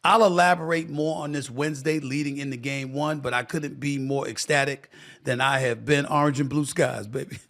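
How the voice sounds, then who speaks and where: A man's voice: medium pitch, steady tone, normal speed, gravelly, a bit bright. A middle-aged man hosting a sports talk show, emphatic and fiery, with a preacher-like rhythm. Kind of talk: impassioned sports commentary.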